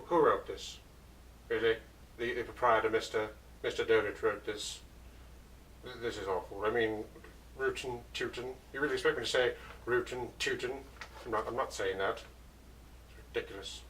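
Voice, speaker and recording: A man's voice: on the low side, a bit bright, distant mic, slight background noise, close to an everyday voice, low-quality recording. A man playing a grumpy man who scornfully refuses to read a silly script. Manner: irritated, scornful.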